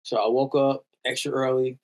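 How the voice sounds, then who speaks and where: A man guest in a casual interview, telling a story in a lively way with slang and loose phrasing. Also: mid-range voice, normal speed. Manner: animated storyteller, acts out quoted voices. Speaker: musician guest.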